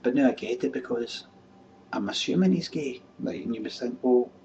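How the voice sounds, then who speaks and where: A man's voice: mid-range voice, lively intonation, fairly quick, darkish tone. A Scottish man hosting a live webcam show, rambling and swearing in casual chat. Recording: dull webcam audio from a distance with faint background hum.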